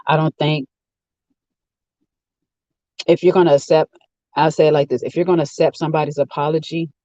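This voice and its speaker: A man's voice: fairly high pitch, little pitch movement, a little fast, mellow, no echo, muffled recording. A man giving a rambling, opinionated casual rant while sitting in a car. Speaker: vlogger. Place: inside a car.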